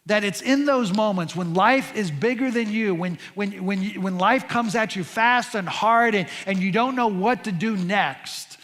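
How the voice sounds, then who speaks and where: A middle-aged man, preaching a sermon through an animated, conversational story full of restarts and fillers. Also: high voice, unhurried, few pauses. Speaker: pastor. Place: large church hall. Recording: long hall reverb.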